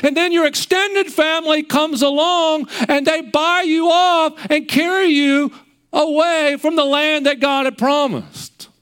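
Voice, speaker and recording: A man's voice: very high voice, fairly even intonation, a little slow, fairly bright tone. A male preacher giving a sermon, with rhetorical questions and vivid retelling.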